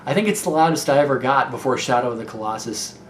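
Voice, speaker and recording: A man's voice: mid-range voice, fast talker. Rambling young Midwestern guy in an echoey room. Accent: Midwestern American. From Ohio. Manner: rambling, candid, many fillers and restarts. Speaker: YouTube gaming video maker. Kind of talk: casual Q&A vlog. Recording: echoey room with faint noise.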